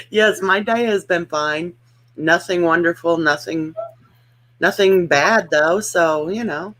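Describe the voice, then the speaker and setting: A woman speaking in a relaxed, wry way, in a casual chat she hosts. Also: on the low side, takes it slowly, long pauses. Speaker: channel host.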